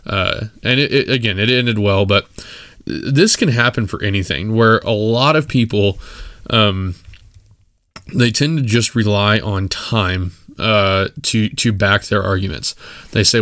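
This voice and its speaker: This West Texas podcast host speaks in a lowish, unhurried, slightly bright voice, bluntly airing his opinions in a casual solo monologue packed with fillers and restarts. The audio is dry and studio-clean.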